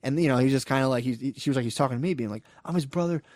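A man's voice: medium pitch, steady tone, rapid-fire, a little mellow, no room sound, studio quality. A young man telling a wild story in casual podcast chat, rambling and profane, full of "like" and "dude".

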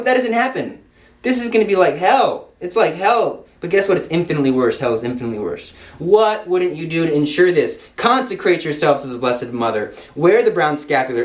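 A man preaching an impassioned sermon, driving his points home with repeated rhetorical questions. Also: fairly high pitch. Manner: emphatic, full of rhetorical questions. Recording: roomy echo.

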